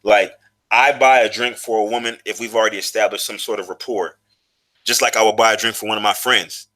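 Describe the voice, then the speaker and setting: A man's voice: lowish voice, fairly even intonation, fairly quick, bright, forceful tone. A man in his thirties telling a personal story in a loose, profane, casual monologue, full of fillers and restarts. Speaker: vlogger.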